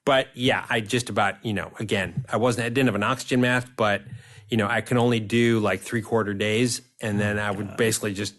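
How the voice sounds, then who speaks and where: A man in his fifties, a guest on an interview podcast, telling lively stories and laughing often. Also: on the low side, a little fast. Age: 50s. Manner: animated storyteller, laughs often. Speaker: guest actor.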